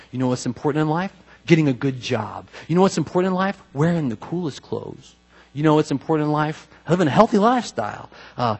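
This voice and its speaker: A man preaching a conversational sermon as a pastor, swinging between emphatic loud bursts and quiet, drawn-out drops. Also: medium pitch, husky.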